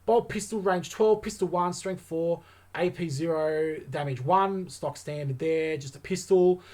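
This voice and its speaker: A man's voice: on the high side, measured pace, darkish tone. A man hosting a wargaming channel, talking through tabletop game rules in a casual, enthusiastic way and thinking aloud with lots of fillers.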